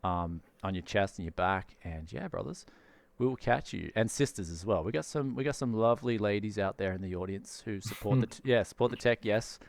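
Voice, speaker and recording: A man's voice: fairly low pitch, a little fast, vocal fry, no echo. A man hosts a tech live stream in a casual, upbeat way. He uses plenty of slang. The sound is dry and close. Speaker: tech channel host.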